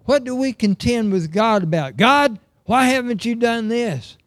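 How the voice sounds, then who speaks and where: A man's voice: extremely high pitch, animated, unhurried, a bit bright, no echo, studio quality. A middle-aged man preaching a sermon, earnest and emphatic, reading scripture aloud.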